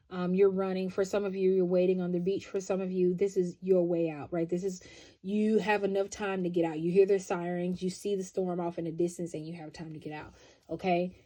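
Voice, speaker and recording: A woman giving a pick-a-card tarot love reading, chatty and expressive, often checking in with "right?". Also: on the low side.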